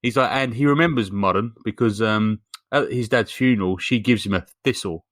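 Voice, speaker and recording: A fairly low-voiced man recaps a film for his podcast co-hosts, meandering through the plot with frequent ums and crude asides. His voice sits close and dry on the mic, with no room sound around it. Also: fairly quick, a bit bright, no echo. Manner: rambling storyteller with lots of fillers and swearing. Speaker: podcast co-host. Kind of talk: casual comedic film recap.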